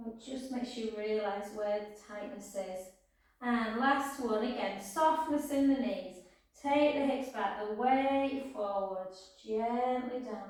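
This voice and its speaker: Soothing woman pilates instructor, echoey room. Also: on the high side. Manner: soft, slow, soothing cues with sighs of "oh, gorgeous". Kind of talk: guiding a pilates class. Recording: echoey room, far from the mic.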